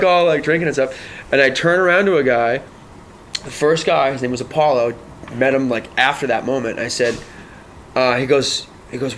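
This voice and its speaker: Man, casual storytelling, rambling, animated, acts out quotes, mid pitch, faint background hiss. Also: a little fast. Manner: rambling, animated, with lots of fillers and acted-out quotes.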